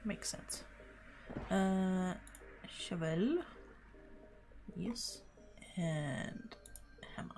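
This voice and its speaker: Slow-talking excitable woman streamer. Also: lowish voice, a little hiss or hum. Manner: excitable, muttering to herself while playing. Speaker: game streamer. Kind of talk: casual gaming livestream chat.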